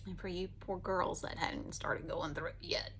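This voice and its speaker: A woman's voice: lowish voice, steady tone, normal speed, a bit bright, slight background noise. A woman, chatting casually in a folksy, rambling way while doing her makeup at home. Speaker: vlogger.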